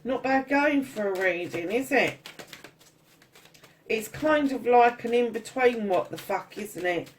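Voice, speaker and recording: A woman's voice: mid-range voice, animated, measured pace, slight background noise. A woman doing a casual tarot reading, chatty and blunt, swearing freely and calling her listeners darlings. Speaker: tarot reader.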